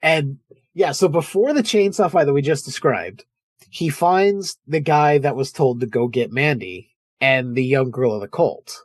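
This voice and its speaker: A man's voice: medium pitch, a little slow, no room sound. A man hosting a podcast, chatting casually about films and acting out scenes as he retells them. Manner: animated storyteller, acts out film scenes. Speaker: podcast host. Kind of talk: casual film chat.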